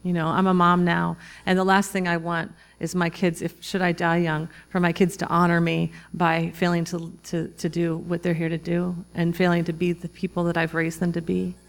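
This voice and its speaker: A woman in her forties speaks to a live audience in a slightly low voice with a gravelly edge. She tells her story reflectively, in halting phrases that often restart. The room sounds like a talk in front of listeners. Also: monotone. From Minnesota, US. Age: 40s. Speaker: author giving a talk.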